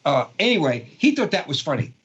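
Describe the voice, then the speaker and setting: The guest is a Brooklyn-accented guitarist from Brooklyn, New York, in his sixties, spinning rambling stories in a casual interview with lots of fillers and restarts. His slightly high voice is sing-song, brisk, a bit bright and slightly rough, and the audio is dull.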